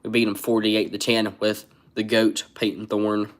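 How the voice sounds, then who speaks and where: A man's voice: lowish voice, little pitch movement, normal speed. A man doing casual live-stream sports commentary, rambling and reading chat comments aloud. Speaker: sports livestreamer.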